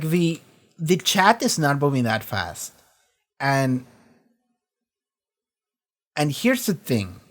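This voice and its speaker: A casual reaction host who talks in loose, looping sentences. The voice sits at a medium pitch and doubles back on its own words. Curse words come often and casually. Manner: rambling, animated, swears freely.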